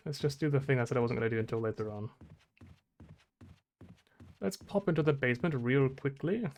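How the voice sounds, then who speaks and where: A man's voice: mid-range voice, vocal fry, a little mellow, slight background noise. A young man casually commenting on his gameplay, rambling, swearing and laughing at himself. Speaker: streamer.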